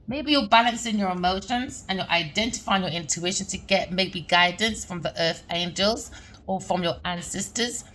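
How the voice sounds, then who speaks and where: A woman's voice: mid-range voice, a bit bright, a little hiss or hum. A woman giving a spoken tarot reading to her viewers in a rambling, repetitive flow, often checking in with "okay?" or "all right?". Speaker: tarot reader.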